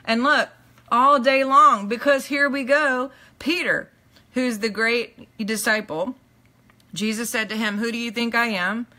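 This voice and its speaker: Speaking with fairly even intonation and a slightly slow pace, a woman who is both teacher and minister leads a live-streamed motivational class. She's earnest and emphatic, keeps asking her listeners "okay?", and lets her phrases sink low and soft at the end.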